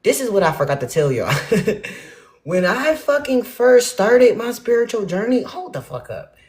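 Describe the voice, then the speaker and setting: Profane ranting woman, lively pitch. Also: moderate pace. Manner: blunt, profane, exasperated, swings loud and soft. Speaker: spiritual vlogger. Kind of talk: ranting casual monologue to viewers.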